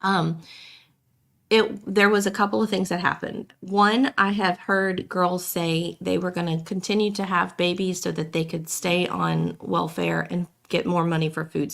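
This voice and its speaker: Woman co-host, low gravelly voice, hoarse and coughing, rambles. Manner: rambling, many fillers and restarts. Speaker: podcast co-host. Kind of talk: casual chat.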